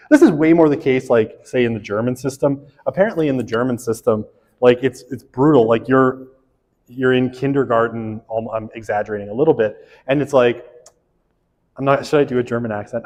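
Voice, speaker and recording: A man's voice: medium pitch, brisk, a little mellow, in a large hall. A man gives a casual, joking sociology lecture, full of fillers and tag questions like "right?". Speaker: sociology instructor. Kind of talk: recorded university lecture.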